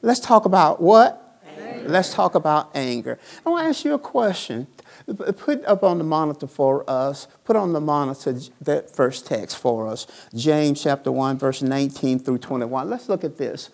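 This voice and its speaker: A pastor delivers a sermon from a church pulpit. His voice carries a gravelly edge. He leans on call-and-response, asking the same question over and over. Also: medium pitch, expressive, moderate pace. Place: church sanctuary.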